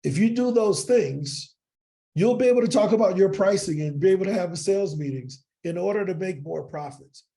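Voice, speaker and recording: A man from East St. Louis, a podcast guest telling animated stories and often checking in with "right?". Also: sits high, normal speed, gravelly. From East St. Louis, Illinois. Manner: animated storyteller, keeps asking "right?". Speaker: podcast guest, sales coach. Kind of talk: casual interview storytelling.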